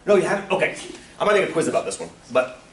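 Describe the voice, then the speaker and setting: A man teaching statistics in a classroom, telling stories in an animated way and often laughing. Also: a little high, very fast, slight background noise. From Delaware. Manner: animated storytelling, acts out voices, laughs often. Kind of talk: classroom lecture. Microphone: far room mic. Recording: echoey room from far off.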